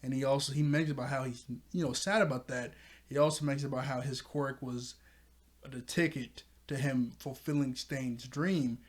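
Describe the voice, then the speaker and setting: A man's voice: medium pitch, steady tone, normal speed. Rambling man recapping an anime episode. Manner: rambling, chuckles often, many fillers. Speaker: anime reviewer.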